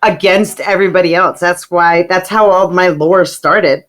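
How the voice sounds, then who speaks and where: A woman co-hosting a podcast in casual chat, joking and self-mocking, quick to laugh. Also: on the low side, fairly even intonation. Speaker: podcast co-host.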